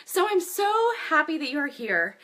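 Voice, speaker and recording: Bright, lively woman coach in her 30s. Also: high-pitched, normal speed. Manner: chatty, upbeat, talks straight to viewers. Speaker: online business coach. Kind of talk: live online training. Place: home office.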